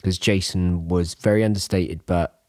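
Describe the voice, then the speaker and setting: Guy host, lowish voice, dry close sound, rambling pub stories. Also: steady tone, normal speed, dark tone, no echo. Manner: rambling storyteller, full of asides and restarts. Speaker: podcast host. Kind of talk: casual anecdotal chat.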